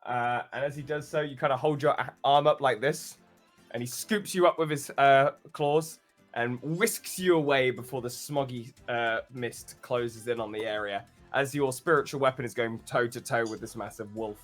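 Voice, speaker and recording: A man narrating a tabletop game as game master, telling the action with animated flair, plenty of "uh"s and frequent laughs. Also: mid-range voice, moderate pace, faint music behind. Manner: animated storytelling, laughs often, many "uh"s.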